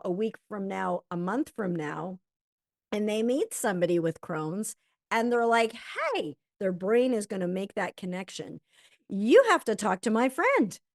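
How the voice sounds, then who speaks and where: A woman teaching a health coaching lesson who acts out sample conversations with lively energy. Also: mid-range voice, no room sound, clean studio sound.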